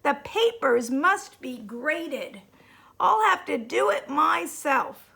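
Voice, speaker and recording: A woman's voice: high voice, very animated, takes it slowly, gravelly, pushed and bright, full character voice. A woman voicing a bossy, stern little red pen in a children's storybook reading, scolding in clipped bursts.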